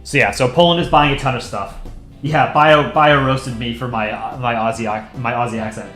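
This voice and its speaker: A man's voice: medium pitch, fairly even intonation, normal speed, fairly bright tone, roomy sound, faint music behind. A man hosting a livestream, chatting in a rambling way with lots of fillers and little laughs. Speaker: livestream host. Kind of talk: casual livestream commentary.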